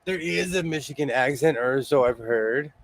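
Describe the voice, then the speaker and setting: A man's voice: mid-range voice, moderate pace. A man hosting a casual chat from his home sewing room, a rambling, jokey storyteller. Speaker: host.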